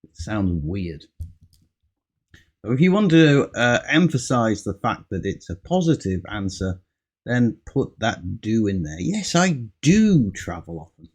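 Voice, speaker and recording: A man's voice: on the low side, very animated, unhurried. A man teaching an English speaking lesson, patiently modelling example answers and stressing key words. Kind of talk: slow, patient ESL lesson.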